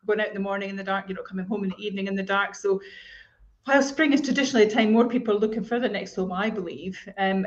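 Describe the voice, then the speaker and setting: Chatty woman, dull recording. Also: medium pitch. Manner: warm, conversational, asks tag questions. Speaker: estate agent co-host. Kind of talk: casual advice chat.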